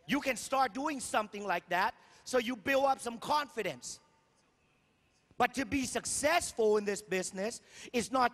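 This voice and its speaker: At a sales convention, a man with a very high, slightly bright voice gives a motivational stage speech. He is emphatic and repetitive, firing rhetorical questions at the crowd, and long hall reverb surrounds his voice.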